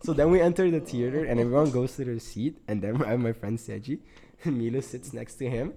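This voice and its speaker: A young man leads a casual chat among friends, recounting a night out. He talks at an everyday pitch, laughs through his sentences, and slips into other people's voices for quotes. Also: a little fast. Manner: animated, laughing often, acts out quotes.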